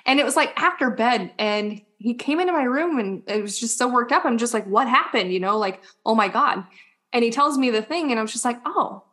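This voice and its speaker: Thirtysomething mom and nurse on a podcast, super casual, says like a ton. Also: female voice, fairly high pitch, animated, a little fast, a bit bright. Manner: casual, says like and yeah a lot. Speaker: nurse and mother, podcast guest. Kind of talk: casual chat.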